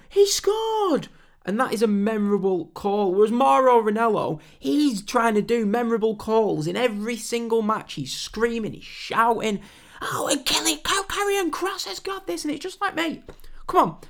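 Blunt man ranting on a podcast. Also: high voice. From England. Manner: blunt, swearing, builds to loud mocking shouts. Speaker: podcast host. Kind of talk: opinionated wrestling podcast rant.

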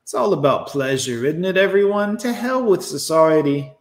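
A man's voice: fairly high pitch, animated, moderate pace, echoey room. A man putting on a mock British accent that slips toward Australian, voicing a jaunty pleasure-seeking Briton. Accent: put-on British, slipping Australian.

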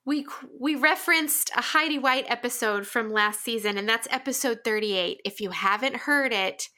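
A woman's voice: fairly high pitch, moderate pace, bright, forceful tone. A woman co-hosting a book podcast who speaks directly to listeners in an upbeat, casual way. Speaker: podcast co-host. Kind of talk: casual chat.

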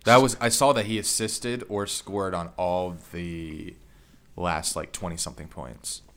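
Male podcast co-host, slightly low voice, hesitant, reads news aloud casually. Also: steady tone, measured pace, fairly bright tone. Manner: hesitant, lots of ums, reads out news items. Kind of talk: casual sports chat.

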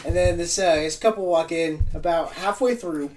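A man's voice: a little high, normal speed, crowd noise. A young man co-hosting a podcast, telling a story in slangy casual speech with lots of "right?" and "dude.". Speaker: podcast co-host.

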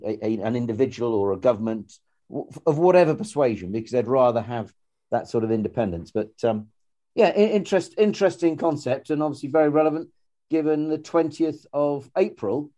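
A man talks through ideas in a relaxed podcast chat, looping back over his words with restarts and fillers. His voice is mellow and warm, sitting at an ordinary pitch. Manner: rambling, frequent restarts and fillers. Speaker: podcast co-host. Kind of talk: casual conversational podcast.

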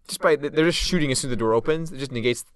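A man's voice: medium pitch, rapid-fire, smooth, dry recording, studio quality. A man co-hosting a casual chat show, retelling TV scenes and acting out characters in funny voices. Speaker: podcast co-host. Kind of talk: casual chat reviewing a TV episode.

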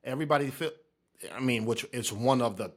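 A man's voice: medium pitch, brisk. A man co-hosting a podcast, telling a story in casual chat with slang and asides. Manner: relaxed, slangy, sets up stories with asides. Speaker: podcast co-host.

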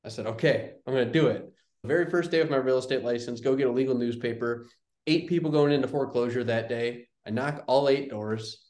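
In a roomy, echoey recording, a young man appears as an interview show guest, a real estate investor casually recounting a story. He's an animated storyteller who acts out the dialogue, speaking briskly in a mid-range voice.

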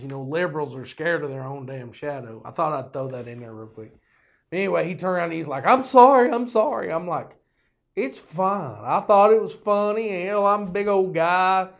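A man's voice: mid-range voice, a bit bright. An older man with a drawl hosting his own show, telling rambling, profane stories with folksy joking asides. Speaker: podcast host. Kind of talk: rambling storytelling monologue.

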